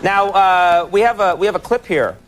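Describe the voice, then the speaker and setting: A man's voice: high-pitched, normal speed. A man hosting a talk show interview, wry and dry-humored. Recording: TV studio with audience noise.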